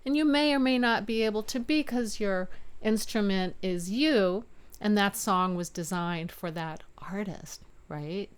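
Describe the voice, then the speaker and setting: A middle-aged woman teaches voice from her home studio, her tone smooth and resonant at an everyday pitch. She talks in an upbeat way and breaks into sung examples of chest and head voice. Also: measured pace. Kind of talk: video voice lesson.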